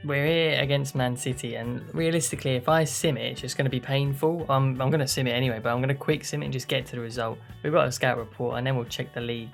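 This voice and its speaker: A man giving casual, excitable play-by-play commentary over his own football video game match, quick to blame himself when things go wrong. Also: fairly high pitch. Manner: excitable play-by-play, self-critical outbursts. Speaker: gaming YouTuber. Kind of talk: live commentary over gameplay.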